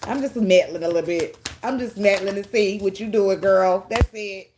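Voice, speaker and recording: A woman's voice: mid-range voice, normal speed, background noise. A woman, giving a casual tarot reading in a chatty way, swearing, laughing often and getting emotional. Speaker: tarot reader.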